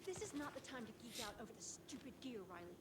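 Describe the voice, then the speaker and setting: A curt, dismissive young game heroine, her raised voice carrying a roomy echo with clear noise behind it. She sounds impatient, brushing her companion off. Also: fairly high pitch, very animated, fast. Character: impatient young woman searching for a missing friend. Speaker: video game character. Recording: roomy game audio under background noise.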